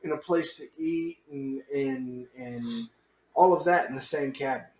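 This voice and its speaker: A man's voice: a little high, a little slow, gravelly, a little mellow. A man co-hosting a casual podcast, chattily explaining details to his co-host. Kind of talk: casual chat. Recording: roomy loft.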